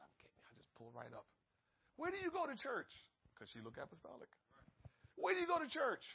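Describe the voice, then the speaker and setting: Man preaching with a real high gravelly voice, husky, muffled lo-fi recording. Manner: animated, swings from low asides to loud exhortation. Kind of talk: sermon storytelling.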